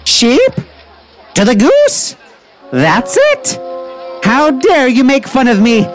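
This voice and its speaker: A woman voicing an exasperated, complaining woman at a fair in an animated storybook, with faint music playing behind her. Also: high-pitched, slow pace, exaggerated voice. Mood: indignant. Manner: indignant, complaining. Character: grumpy exasperated woman with a goose.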